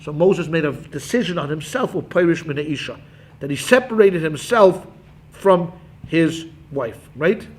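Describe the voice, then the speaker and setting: High-voiced animated rabbi teaching. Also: male voice. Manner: animated, acts out quotes, quick asides to students. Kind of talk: Talmud class lecture.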